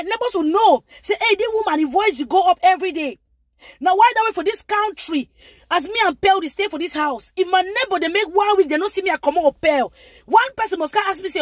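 A woman's voice: extremely high pitch, dry recording, studio quality. A woman with a Nigerian accent giving rambling, lecturing advice in a casual live-stream monologue. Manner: rambling, lecturing, with frequent asides.

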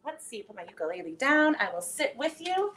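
A woman hosting a children's storytime, reading a picture book and singing action songs in a playful, animated way. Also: high-pitched, brisk, slight background noise. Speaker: library storytime host.

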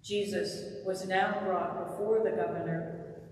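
Slow, measured church lector. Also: mid-range voice, fairly even intonation. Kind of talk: Passion gospel reading. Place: church sanctuary. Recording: echoey church from far off.

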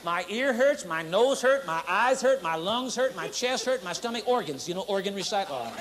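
A pastor preaches at a conference in a large hall, mixing humor with acted-out demonstrations, and a crowd can be heard in the background. His high voice is animated and at normal speed, captured in a 1980s conference recording with faint noise.

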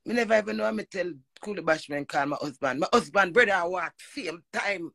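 A woman with a Jamaican accent telling a personal story in an animated monologue, emphatic and profane, often slipping into quoted speech. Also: fairly low pitch, a little fast, creaky, dry recording, low-quality recording. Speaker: vlogger.

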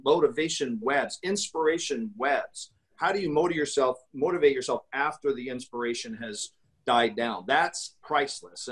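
A man talking casually on a podcast as a guest, pitching his talk with emphatic, salesy energy and acting out customer quotes. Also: rough recording. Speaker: guest speaker.

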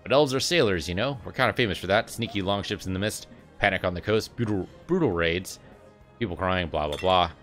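A man's voice: low-pitched, fairly quick, fairly bright tone, faint music behind. A man reading out game dialogue for a rambling, boastful elf companion who used to be a miner. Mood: breezy.

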